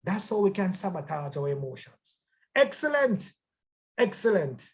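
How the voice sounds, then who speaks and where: A man's voice: sits high, very animated, normal speed. A man teaching a church life-skills class in a conversational way, emphatic and often repeating words.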